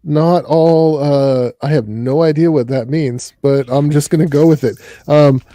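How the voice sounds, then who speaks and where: A male host with a mellow, dark tone talks slowly in a dry, close sound. He keeps it laid-back and joking, pausing on ums as he thinks. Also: on the high side, no room sound. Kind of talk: casual interview chat.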